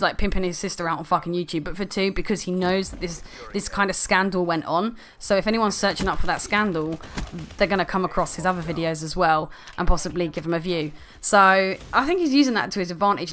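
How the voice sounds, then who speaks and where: A woman's voice: medium pitch, fairly bright tone. A woman ranting in an angry, sarcastic commentary video full of swearing.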